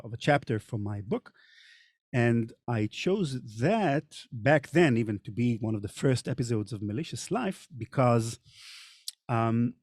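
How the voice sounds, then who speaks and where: With a darkish, mid-range voice, a middle-aged man with a Hebrew accent narrates and hosts a casual podcast panel discussion. He sounds thoughtful and hesitates frequently. The recording is dry and studio quality.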